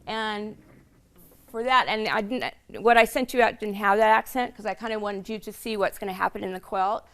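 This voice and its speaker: A hoarse woman casually demonstrating quilting steps to a small group, chatty and explaining each step as she sews. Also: mid-range voice, normal speed, a bit bright. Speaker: quilting instructor.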